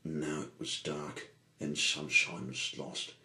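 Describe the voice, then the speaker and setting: Man, storyteller, low voice, slow reading, bright tone, echoey room. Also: little pitch movement. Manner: unhurried, stumbles and rephrases.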